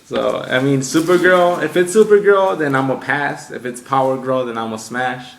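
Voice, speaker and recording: A man's voice: medium pitch, normal speed, creaky. A man co-hosting a casual podcast, going on profane, heated rants and laughing with friends. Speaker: podcast co-host. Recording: echoey room with faint noise.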